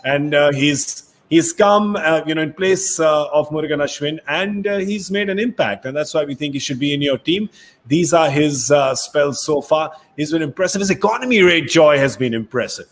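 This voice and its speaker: A man hosting a cricket talk show in a lively, joking way. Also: on the high side, moderate pace. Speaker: host.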